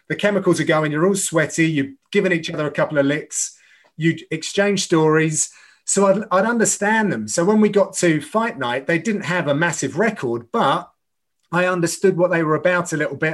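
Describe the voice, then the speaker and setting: A middle-aged man speaking earnestly as a guest on a podcast interview. His voice sits slightly higher than most men's, and he often restarts his phrases as he tells stories. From United Kingdom. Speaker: MMA commentator and guest.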